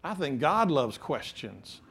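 A man preaching a sermon, lively and animated, acting out scripture quotes in different voices and laughing between points. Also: on the high side, slow, gravelly, breathy edge. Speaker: pastor.

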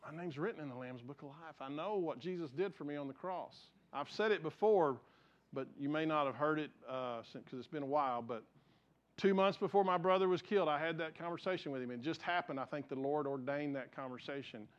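Male pastor, sermon, earnest storytelling, fairly high voice, muffled lo-fi sound. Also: brisk. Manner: earnest, storytelling, swings from raised emphasis to quiet, hushed passages. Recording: dull lo-fi sound.

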